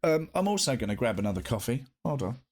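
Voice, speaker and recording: Male streamer, casual, playful, animated, very lively intonation. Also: medium pitch, fast talker. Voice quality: animated, playful, sing-song greetings to chat. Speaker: live streamer chatting with viewers. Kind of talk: casual live-stream chat.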